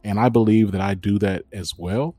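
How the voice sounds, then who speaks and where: A young man hosting a podcast, talking in a lively casual way and calling his listeners y'all. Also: on the low side, moderate pace, dry recording, faint music behind. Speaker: host.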